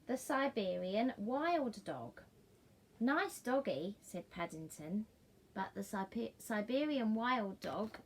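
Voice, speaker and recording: A middle-aged woman reading a picture book aloud in a sing-song, gently coaxing way. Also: mid-range voice, vocal fry. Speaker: storyteller.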